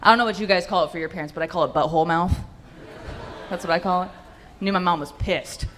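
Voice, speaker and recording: A woman's voice: lowish voice, fast, fairly bright tone, a little hiss or hum. A young woman doing a stand-up set in a comedy club, brash and profane with punchy delivery into a handheld mic.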